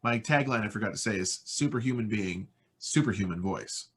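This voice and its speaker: A man's voice: on the low side, fairly quick, fairly bright tone, a little hiss or hum. An American man talking casually and enthusiastically in an interview about his voice-over work, rambling with fillers. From United States. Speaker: voice-over artist guest.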